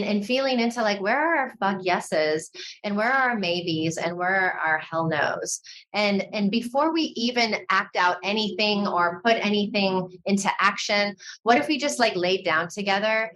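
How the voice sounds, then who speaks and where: A woman speaking as a podcast guest, expressive and animated, with lots of "like" fillers. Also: mid-range voice. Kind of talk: conversational podcast interview.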